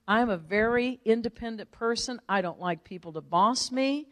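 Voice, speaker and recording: A woman's voice: a little high, normal speed, no room sound, big-room sound. A woman giving a motivational speech to an audience, telling her story energetically and tagging lines with "right?". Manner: energetic, animated storytelling with frequent "right?" tags. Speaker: motivational speaker.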